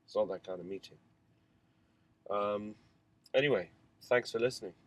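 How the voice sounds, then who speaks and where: A man's voice: fairly low pitch, moderate pace, rough recording. A father talking frankly to camera in a spoken diary, rambling through a family story with asides. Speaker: father recounting family life. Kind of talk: candid spoken diary monologue.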